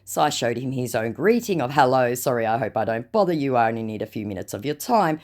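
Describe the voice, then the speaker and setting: A woman's voice: rumbling low, big pitch swings, fast, a little mellow. A woman narrating a storytime vlog, reading out chat messages in a sarcastic, mocking way. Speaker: vlogger recounting scam chats.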